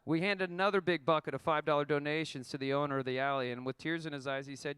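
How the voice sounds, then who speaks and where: A man's voice: on the high side, fairly even intonation, quick pace, a bit bright, smooth, no room sound. A man in his thirties telling a wry, profane story about his band's tour, reading a prepared account to an audience. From Oklahoma.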